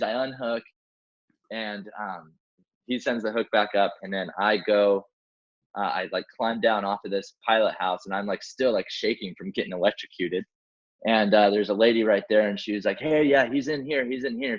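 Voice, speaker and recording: In a casual interview, a low-voiced helicopter rescue swimmer recounts a rescue at a moderate pace, with the highs cut off in the recording. Animated, he acts out what people said and sprinkles in plenty of "like" and "man."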